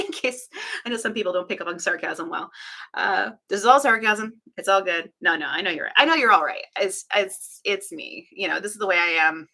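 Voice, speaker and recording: A woman's voice: medium pitch, a little fast, bright, forceful tone. A woman chatting casually on a live stream, talking to her chat with frequent laughs and sarcastic, self-deprecating asides.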